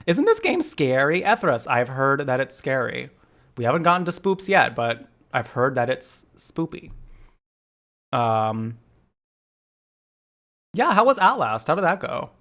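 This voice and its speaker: A man live-streaming a game, chatting casually with viewers, giggly and animated as he greets them by name. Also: medium pitch.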